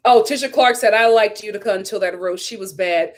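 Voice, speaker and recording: A woman talking casually on a live stream from home, her voice sitting at a middling pitch. She reads viewer comments and answers them with strong opinions and easy laughter. Now and then she leaps up into a high squeal of disbelief. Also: fairly quick. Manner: animated, jumps to high squeals of surprise; laughs often, opinionated and chatty. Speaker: live stream host reviewing a reality show. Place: home in a hot city.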